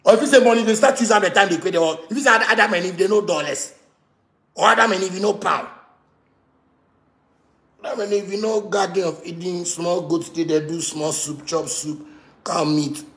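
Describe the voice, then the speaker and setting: A man with a Ghanaian Pidgin English accent delivering a heated, repetitive rant that swings from shouting to muttering. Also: sits high, fairly quick, roomy sound. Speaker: musician ranting to camera. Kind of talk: angry rant.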